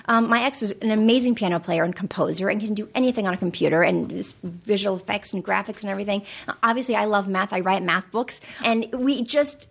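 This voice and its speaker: A woman's voice: medium pitch, brisk, creaky, slightly rough. A woman guest on a podcast, an actress and author, chatting casually and acting out the voices in her stories. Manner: animated, acts out voices in anecdotes. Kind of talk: casual storytelling chat.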